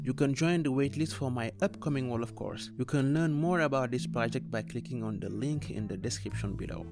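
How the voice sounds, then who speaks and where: A man teaching a scripted beginner grammar lesson, explaining clearly and steadily with examples. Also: mid-range voice. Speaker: language teacher.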